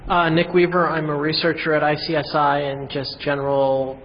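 A man's voice: a little high, little pitch movement, normal speed. Wry self-deprecating man on a panel. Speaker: researcher, panelist. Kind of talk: casual panel discussion. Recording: dull recording in a reverberant hall.

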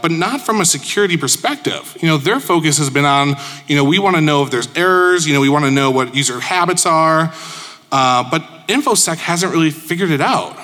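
Man from Chicago, conference speaker: bright, slightly high voice, jokey and self-deprecating, hall reverb. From Chicago, USA. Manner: joking, informal and self-deprecating. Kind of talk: casual conference presentation.

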